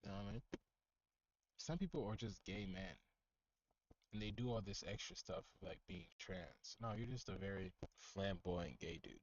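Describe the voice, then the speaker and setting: A man's voice: fairly low pitch, animated, normal speed, dull audio, a little hiss or hum. A man streaming as he reacts to videos, giving blunt, scornful, profane commentary. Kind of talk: mocking commentary.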